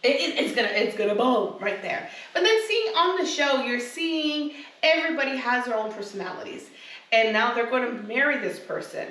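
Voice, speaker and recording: A woman's voice: fairly high pitch, expressive, moderate pace, a bit bright. A woman co-hosting a podcast, chatting casually and rambling as she acts out what people said. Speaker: podcast co-host. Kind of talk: casual chat. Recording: echoey room, distant mic.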